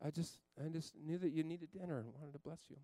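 A man voicing his eager, helpful nine-year-old daughter in a high, sing-song voice. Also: fairly even intonation, fast, warm tone, no room sound, natural voice. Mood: eager, sweet.

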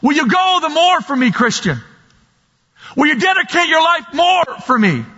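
A man preaching while voicing God, who pleads with the listener to give more, in repeated questions that build to shouts. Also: very high voice, big pitch swings, normal speed, pitched above the performer's own voice, heavily acted. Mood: urging. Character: God gently urging a believer to give more. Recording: dull sound with long hall reverb.

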